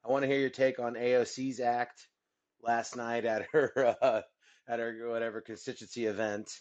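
Male caller, mid-pitched voice, loose and chatty on a call-in show. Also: level tone, normal speed. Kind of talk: casual call-in chat.

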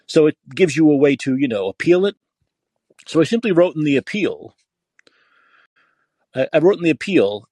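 A man's voice: fairly high pitch, very animated, normal speed, long pauses, a little mellow, slightly rough, dry recording. Profane, ranting male podcast host. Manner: angry, profane, repetitive ranting. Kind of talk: political rant.

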